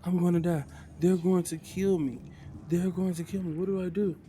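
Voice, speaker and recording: A man's voice: sits high, fairly even intonation, moderate pace, mellow, pitched above the performer's own voice, natural voice. A man voicing a nervous, overly nice young male adventurer who is panicking, stammering and repeating himself. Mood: panicked.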